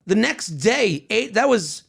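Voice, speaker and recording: A man in his thirties co-hosting a podcast, telling stories in animated casual chat and swearing freely. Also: high-pitched, slow pace, gravelly, breathy edge. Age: 30s. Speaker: podcast co-host.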